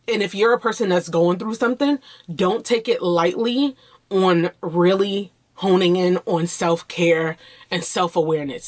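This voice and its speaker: A woman vlogging in a candid, conversational way, earnest and open as she speaks directly to her viewers. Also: lowish voice. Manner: loose and conversational, with fillers and restarts. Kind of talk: candid personal vlog talk.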